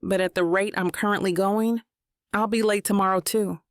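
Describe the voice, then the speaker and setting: A woman narrating a first-person romance audiobook in a measured, even way. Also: medium pitch, dry recording, studio quality.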